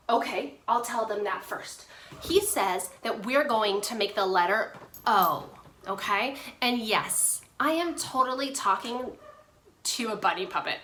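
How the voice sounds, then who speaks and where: A woman occupational therapist giving a handwriting lesson to parents, talking to viewers directly in an animated, playful way. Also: a little high, a little slow. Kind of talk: instructional video for parents. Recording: roomy echo.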